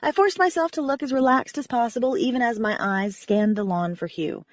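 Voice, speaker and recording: Animated woman reading a novel aloud, wry tone, muffled dry audio. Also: on the high side, a little fast, dry recording. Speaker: audiobook narrator. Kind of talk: first-person audiobook narration.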